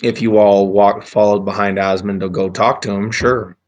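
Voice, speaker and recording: A man's voice: fairly low pitch, level tone, moderate pace. A man narrating as game master in a casual, rambling way.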